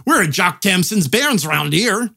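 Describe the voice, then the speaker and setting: A narrator voicing a gruff village blacksmith in a put-on Scots accent, full of folksy dialect. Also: mid-range voice, sing-song, measured pace, sharp tone, heavily acted. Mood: hearty.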